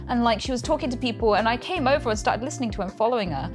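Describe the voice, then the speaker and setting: A woman's voice: fairly high pitch, very fast, music in the background. A young British woman, an interview guest, telling stories in casual chat, acting out quotes and laughing often. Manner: animated storytelling, acts out quotes, laughs often.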